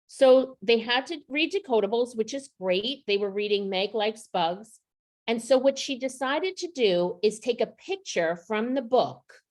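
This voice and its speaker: A woman presenting a literacy training session to teachers, explaining student writing samples and often checking in with the audience. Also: fairly high pitch. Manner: explanatory, checks in with rhetorical "right?". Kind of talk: professional development presentation.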